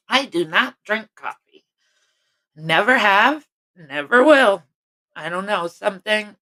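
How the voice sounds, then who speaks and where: Slow, rambling chatty woman. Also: medium pitch, expressive, bright, forceful tone. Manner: chatty, rambling, self-interrupting. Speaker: vlogger greeting live viewers. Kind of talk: casual live-stream chat.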